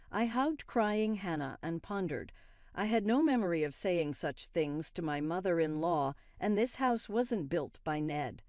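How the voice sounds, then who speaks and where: A woman narrating a first-person family story in a steady, scripted way. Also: fairly low pitch, moderate pace, no echo, studio quality.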